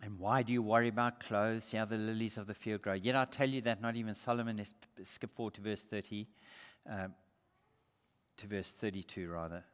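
A man's voice: on the low side, fairly even intonation, fairly quick, smooth. A male pastor from Australia preaching a sermon in an earnest, emphatic way, asking the congregation rhetorical questions. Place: church sanctuary. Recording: long hall reverb.

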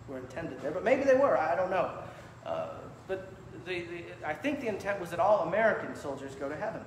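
Pastor guy preaching, kinda high voice, long church reverb. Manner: emphatic preaching with measured, deliberate delivery. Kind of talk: sermon. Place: church sanctuary. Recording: echoey church hall with faint room noise.

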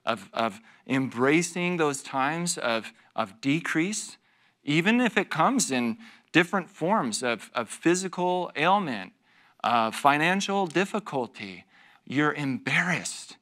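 A man preaching a conversational sermon, telling stories about himself with laughter and quick asides to the congregation. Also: a little high. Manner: animated, self-deprecating storytelling with laughs and asides to the congregation. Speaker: pastor teaching a Bible study. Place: church.

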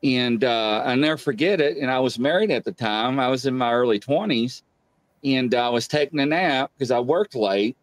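On a dry recording, a middle-aged man with a mid-range voice and moderate pace relates his paranormal experiences as a guest. He tells the ghost story casually but with lots of energy, belting out the quoted lines.

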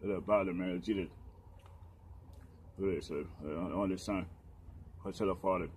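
A man with a very low, dark voice preaches his testimony in halting, repetitive bursts, stopping often on filler sounds. A faint noise hangs under the recording. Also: fairly even intonation. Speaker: street preacher.

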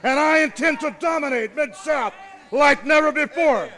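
A man's voice: very high-pitched, normal speed, bright, forceful tone. A middle-aged man acting as a wrestling manager in a promo, boastful, commanding and threatening.

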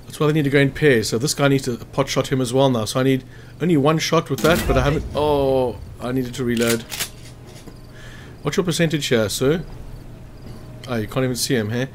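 A man's voice: medium pitch, brisk, slight background noise. Man thinking aloud over gameplay. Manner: chatty, thinks aloud, counts hit percentages. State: hiccuping after lunch. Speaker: gameplay commentator. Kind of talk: casual game walkthrough commentary.

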